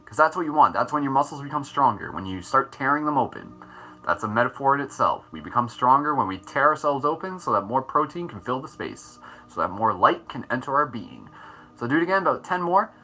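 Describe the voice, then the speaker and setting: A man's voice: a little high, expressive, a little fast, bright, forceful tone. A man hosting a live morning meditation stream, guiding face exercises in a playful, upbeat way and laughing often. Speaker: host.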